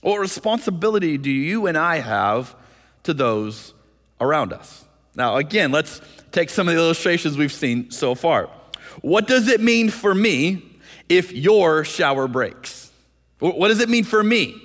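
A man's voice: a little high, very animated, a little slow, a bit bright, big-room sound. A male pastor preaching a sermon in an earnest way, often restarting his phrases and now and then slipping into voices to act out a scene.

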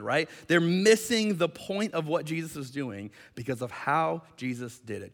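A male pastor preaching with a high, bright voice, animated and quick to act out the people in his story. His voice carries the long reverb of a large hall. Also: creaky. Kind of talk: sermon. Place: church hall.

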